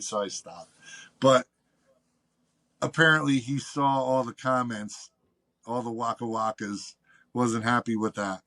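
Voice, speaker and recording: A man's voice: medium pitch, unhurried, creaky. A man guest on a podcast, telling a long anecdote in casual, profane chat and acting out the people he quotes. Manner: profane, animated anecdote teller doing quoted voices. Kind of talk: casual storytelling.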